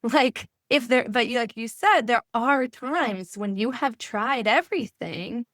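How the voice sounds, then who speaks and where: A woman's voice: a little high, a little slow, a bit bright, no echo, studio quality. A woman hosting a podcast interview, thinking aloud in a rambling, self-correcting way. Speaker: podcast host.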